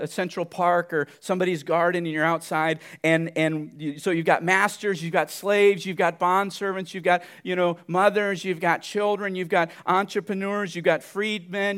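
A man preaching a sermon, animated, jumping from loud outbursts to hushed asides. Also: fairly high pitch. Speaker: pastor.

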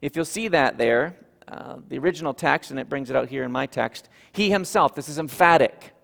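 Male pastor, sermon delivery, earnest and emphatic, fry in the voice, reverberant church hall. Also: medium pitch, brisk, a bit bright. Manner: earnest teaching, repeats points for emphasis.

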